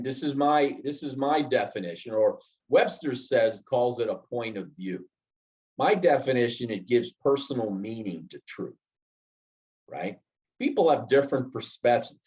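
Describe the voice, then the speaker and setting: A man's voice: mid-range voice, a little mellow. A middle-aged man teaching a leadership class, walking through workplace examples step by step and acting out short bits of dialogue. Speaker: leadership trainer. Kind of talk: classroom lecture. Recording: slightly dull lo-fi sound.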